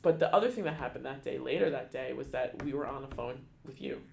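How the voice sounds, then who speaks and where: A man telling a personal story in an interview, halting, with many restarts and fillers, becoming emotional. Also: medium pitch, gravelly, echoey room. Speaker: guest, theater education staff. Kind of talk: conversational storytelling.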